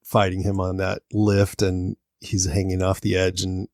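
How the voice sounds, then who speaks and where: Low-voiced man in casual podcast chat. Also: monotone, unhurried, darkish tone, no room sound, clean studio sound. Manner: laughs often while recounting movie scenes. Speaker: podcast co-host.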